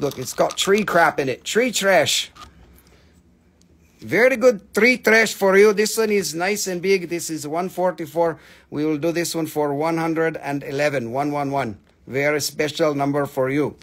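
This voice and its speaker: High-voiced man giving a joking sales pitch. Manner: teasing, playful, swears freely, quick bargain patter; non-native English phrasing. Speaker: live-stream seller of rocks and amber.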